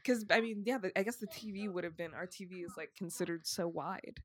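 A woman's voice: lowish voice, a little fast, a bit bright. Giggly woman podcast co-host. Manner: giggly, short reactive remarks. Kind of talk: casual chat.

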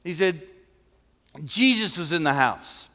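A man's voice: fairly high pitch, animated, takes it slowly, bright, forceful tone. A male pastor preaching a sermon in a church, talking conversationally with humorous asides. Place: church sanctuary. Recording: long church reverb.

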